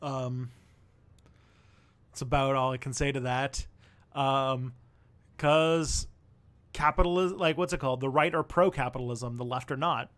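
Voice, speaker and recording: A man's voice: mid-range voice, unhurried, pauses often, fairly bright tone. A young man hosting a casual livestream, answering viewer questions in a rambling way, thinking aloud with fillers and restarts.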